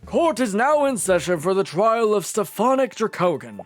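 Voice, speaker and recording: A man voicing a gruff older male judge, stern and formal, in a video game. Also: sits high, sing-song, normal speed, dry recording, soft background music, voice pushed up.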